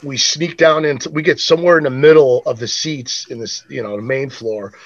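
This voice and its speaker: Over a dry, lo-fi recording, a man talking a little fast in a mid-range voice tells a rowdy tale as a podcast co-host. He curses freely and animatedly imitates the voices of the people in the story.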